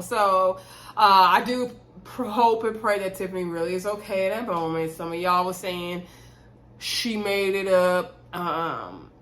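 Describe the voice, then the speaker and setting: A woman's voice: mid-range voice, moderate pace, fairly bright tone, poor audio. Woman, casual reality tv recap, chatty, acts out the cast's lines, talks straight to viewers. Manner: chatty, retells scenes while acting out the cast's lines; addresses viewers as "y'all". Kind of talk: casual episode recap to camera.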